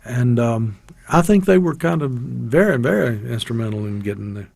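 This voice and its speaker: A man songwriter in an archive interview, hesitant and halting with fillers. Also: mid-range voice, expressive, creaky, darkish tone.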